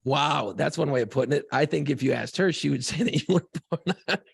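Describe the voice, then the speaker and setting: A podcast co-host with a gravelly, slightly high voice talks quickly, swearing freely as he rambles through a long story about home life. The recording is dry.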